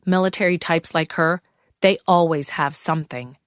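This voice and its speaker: A woman reading the lines of an impatient male gravedigger, speaking gruffly in an audiobook. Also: on the high side, fairly even intonation, normal speed, a bit bright, dry recording, clean studio sound, lightly acted.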